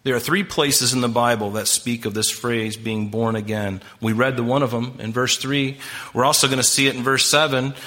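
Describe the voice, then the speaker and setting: Guy preaching a sermon, bright forceful voice, really emphatic, talks right at the congregation. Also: medium pitch, fairly even intonation, normal speed. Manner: emphatic, impassioned preaching, directly addressing the congregation. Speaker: pastor.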